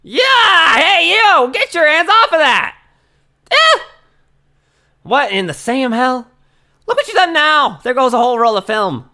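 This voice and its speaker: A man's voice: a little high, sing-song, brisk, pushed and bright. A man voicing a brash, tough Southern woman photographer in a game, with a drawling Southern US accent and a hollering folksy manner. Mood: angry. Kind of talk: reading game dialogue aloud.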